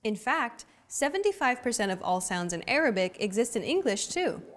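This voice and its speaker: A young adult woman hosting a language lesson, with clear, upbeat, teacherly scripted narration. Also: fairly high pitch, sing-song, moderate pace.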